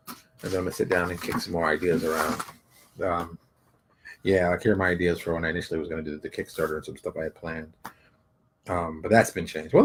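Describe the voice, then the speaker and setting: Rambling, animated man thinking aloud. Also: on the low side. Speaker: game publisher and artist. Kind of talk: casual livestream chat.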